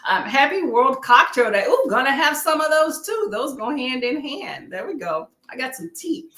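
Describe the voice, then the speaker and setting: A woman's voice: high voice, sing-song, moderate pace, sharp tone, echoey room. A young adult woman hosting a casual livestream chat, laughing often and reading viewer comments aloud. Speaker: livestream host.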